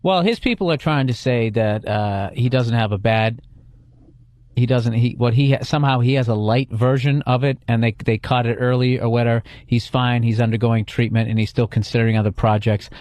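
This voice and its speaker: A man's voice: medium pitch, steady tone, fairly quick, a little mellow, dry recording. A man co-hosting a podcast, rambling through crude, brash stories in casual chat at a studio mic. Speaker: podcast co-host.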